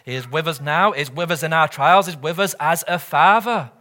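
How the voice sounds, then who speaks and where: Bright-voiced male pastor preaching. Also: a little high, moderate pace. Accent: British or Commonwealth English. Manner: earnest, asks the congregation rhetorical questions. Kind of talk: sermon.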